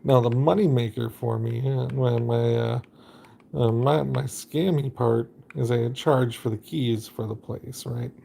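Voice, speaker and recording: A man's voice: mid-range voice, fairly even intonation, a little slow, vocal fry, dark tone, a little hiss or hum. A man casually narrating his game during a live stream, rambling and chatty with lots of fillers.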